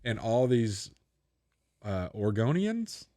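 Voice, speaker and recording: A man's voice: lowish voice, slow, no room sound, studio quality. A man co-hosting a podcast, telling a casual story and acting out the other people in it. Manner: animated storyteller, acts out other people's lines. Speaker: podcast co-host.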